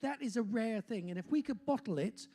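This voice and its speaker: A compere of about sixty from Bristol, faintly accented, hosts a live music night from a pub function room stage. The medium-pitched voice is warm with lively intonation and a fairly quick pace, while the talk rambles, turns self-mocking and is full of filler "uh"s.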